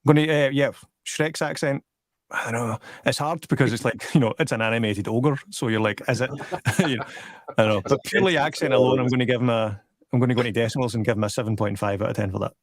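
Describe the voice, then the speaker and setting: A Scottish man talks film in loose, rambling chat, often restarting mid-sentence and breaking into laughs. His voice sits at an ordinary pitch. The recording is dry and close, with no room sound. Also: fast talker, no room sound. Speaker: podcast panelist. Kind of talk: casual chat.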